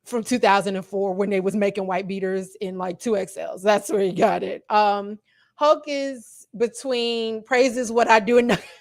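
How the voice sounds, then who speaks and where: A woman hosting a casual livestream, chatting to her viewers and reacting as she talks, animated and quick to laugh. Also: medium pitch. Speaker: livestream host.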